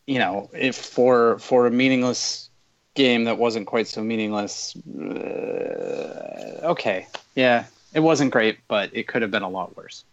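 A man on a football podcast, with a mid-pitched voice heard over dull, lo-fi audio. He pauses and corrects himself a lot, thinking aloud in a reflective way. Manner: halting, self-correcting, reflective. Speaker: podcast panelist. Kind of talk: casual football podcast chat.

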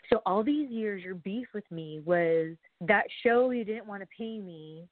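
A woman telling a rambling story in a casual vlog, full of fillers and asides, dropping to hushed whispers and then bursting out. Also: mid-range voice, expressive, measured pace, few pauses, no room sound. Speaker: wrestler. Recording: tinny phone-like, dry sound.

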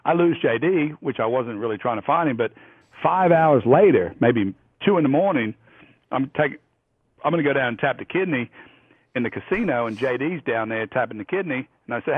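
A man in his fifties from Australia, telling profane, animated stories as a guest. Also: mid-range voice, brisk, dry recording. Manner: profane, animated yarn-spinning. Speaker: guest golfer. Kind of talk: storytelling anecdotes. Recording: husky voice over a tinny phone line.

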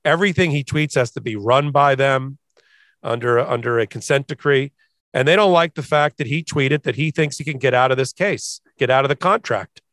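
A man's voice: mid-range voice, normal speed, a bit bright, no room sound. Lawyer guy on a podcast, emphatic, does little voices for quotes, dry mic. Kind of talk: legal commentary chat.

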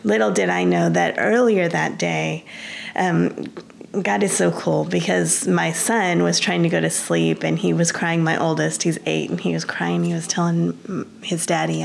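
A woman's voice: on the low side, level tone, measured pace, gravelly, slight background noise. A woman guest earnestly recounting a personal story in an interview, often restarting her sentences. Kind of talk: personal testimony.

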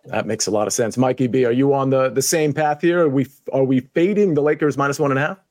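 A man hosting a sports betting panel, moving briskly from one guest to the next. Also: mid-range voice, darkish tone, no echo, studio quality. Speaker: show host.

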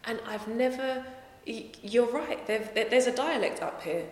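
A woman's voice: a little high, measured pace. A woman singer, answering interview questions in a conversational way, often correcting herself. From England. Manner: conversational, self-correcting, lively tangents. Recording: echoey room with long reverb.

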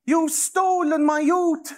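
Irish man's mocking falsetto of a whiny, tearful teenage girl. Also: little pitch movement, slow pace, background noise.

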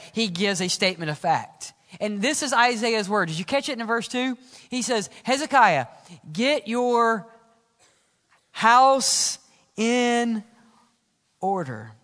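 A middle-aged man preaching a sermon as pastor, building intensity and then dropping to soft, low tones on key lines. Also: normal speed. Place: church sanctuary. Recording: reverberant church sanctuary.

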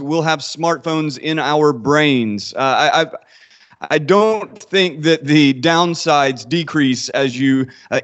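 A man being interviewed as an author, answering in a measured, thoughtful way with frequent hesitations. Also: fairly high pitch.

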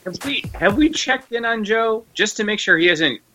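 A man's voice: high-pitched, expressive, moderate pace, bright, forceful tone, slight background noise. A man on a podcast panel over a video call, playful and joking, hyping things up. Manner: playful, hype-man ad reading. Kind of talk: casual podcast chat.

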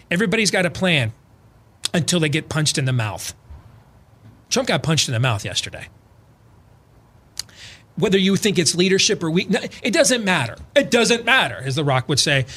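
A man co-hosts a political talk radio show, telling a story full of acted-out quotes that builds to loud, emphatic points. His voice sits a little high.

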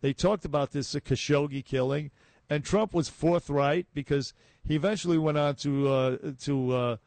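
A man's voice: a little high, moderate pace, a little mellow, no echo. A man hosting a talk radio show, giving emphatic commentary full of restarts and fillers. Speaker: radio host.

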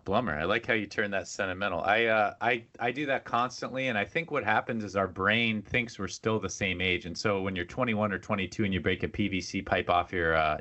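A man, co-hosting a podcast in casual chat, telling stories animatedly and acting out other voices. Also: on the low side. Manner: animated storytelling, acts out voices. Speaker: podcast co-host.

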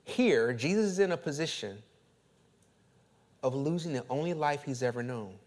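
A man's voice: animated, moderate pace. Preaching man with fiery rising swells. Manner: preaching with swells of loud, high, laughing emphasis; repeats phrases and restarts when fired up. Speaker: pastor. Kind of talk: sermon.

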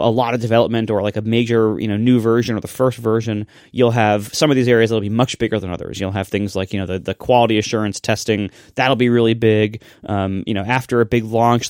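A man co-hosting a casual podcast, chatty and quick to laugh, with many fillers. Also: mid-range voice, darkish tone, no echo, studio quality. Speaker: podcast co-host. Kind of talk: casual podcast chat and host-read ad.

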